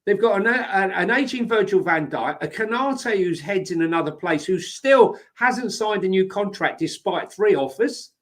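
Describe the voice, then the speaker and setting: A man's voice: high-pitched, lively intonation, moderate pace, hardly any pauses. A man co-hosting a football podcast, talking emphatically and repeating his points in a casual argumentative chat. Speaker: podcast co-host.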